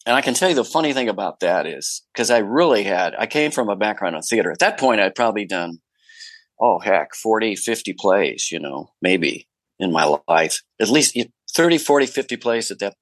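A low-voiced man being interviewed as an actor guest, telling lively anecdotes with lots of fillers and restarts. His voice is recorded close and dry. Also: moderate pace, no echo, poor audio. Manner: animated storyteller with many fillers and restarts.

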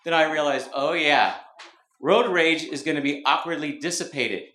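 On a club stage in front of a live audience, a male comedian from Mountain View, California, delivers a meandering, self-mocking set in a sharp, somewhat high voice at normal speed. The recording is roomy, with noise in the background.

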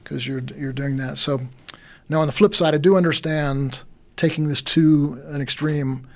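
A man's voice: on the high side, steady tone, normal speed. A man in casual conversation about faith and doubt, rambling, repeating words and using many fillers.

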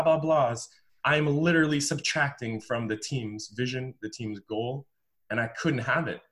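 A man from the United States, a former pro volleyball player, telling his story as a podcast guest in an emphatic, animated, casual way. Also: medium pitch. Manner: emphatic and animated, repeats words, says "bro".

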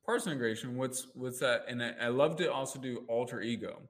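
A man speaks as a life coach in a relaxed, chatty interview, with a voice of middling pitch. He talks in an animated way and acts out the voices in his head with sudden jumps in pitch. Now and then he chuckles at himself while telling stories. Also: a little fast. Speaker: life coach and NLP practitioner. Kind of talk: casual conversational interview.

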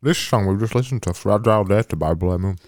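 A man's voice: lowish voice, fast, a little mellow, no room sound, clean studio sound. A man co-hosting a casual podcast chat, teasing his friend playfully. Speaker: podcast co-host.

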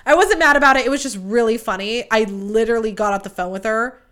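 A young adult woman hosting a podcast tells a dating story as a casual monologue, chatty and profane, acting out quoted lines in lively voices. Her voice is on the high side and her pace is quick.

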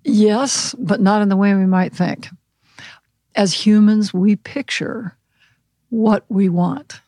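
A woman animal communication counselor speaking calmly and gently instructing, in a podcast interview. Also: mid-range voice, slow, dry recording. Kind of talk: podcast interview, guided visualization.

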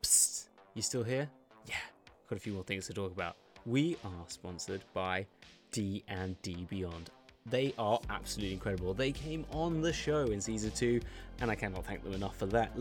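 A man running a tabletop game as game master, chatty and prone to tangents, laughing at himself. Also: mid-range voice. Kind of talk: actual-play narration and sponsor read.

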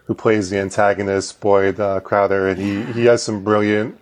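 A man's voice: on the low side, little pitch movement, normal speed. Rambling man podcast guest. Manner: rambling, self-deprecating, with filler and laughs. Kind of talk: casual chat.

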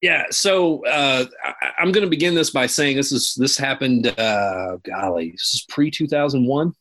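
A man's voice: medium pitch, normal speed, fairly bright tone. A man, a military veteran guest, telling stories in a rambling way and circling back with fillers. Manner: rambling, repeats himself with fillers. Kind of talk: casual interview storytelling.

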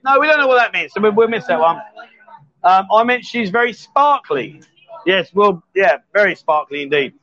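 A man's voice: sits high, animated, moderate pace, pushed and bright, no echo, dull audio. A man hosting a live stream from a bar, joking and teasing his guests in casual banter. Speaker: host.

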